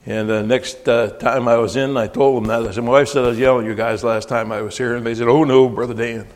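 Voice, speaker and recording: A male preacher giving a folksy, emphatic sermon, often rising to near-shouting when he quotes scripture. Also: medium pitch, fairly even intonation, fast. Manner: folksy, with frequent restarts and asides. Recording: long hall reverb.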